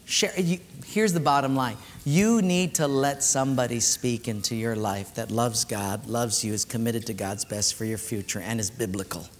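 A man preaching a sermon as pastor, earnest and exhorting, dropping low and soft for emphasis. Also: fairly even intonation, normal speed, few pauses, slight background noise. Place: church. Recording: reverberant church hall with faint music.

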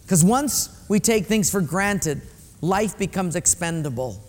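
A man's voice: high voice, expressive, unhurried. A male pastor preaching a sermon in a conversational way, speaking directly to his congregation in a church sanctuary. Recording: echoey hall.

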